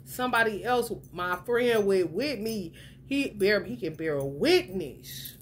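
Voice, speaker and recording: A woman with a fairly high voice chats loosely with her viewers as a tarot reader, swearing freely. She keeps leaping into excited, laughing retellings of her own reactions. A light background noise sits under the recording. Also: a little slow. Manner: animated, profane, swings into excited high-pitched retellings with laughter. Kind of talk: casual spiritual chat to viewers.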